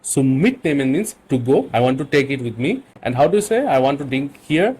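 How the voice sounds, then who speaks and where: A man teaching German vocabulary in English, explaining patiently and repeating phrases slowly. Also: mid-range voice, very animated, darkish tone, breathy edge. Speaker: language teacher.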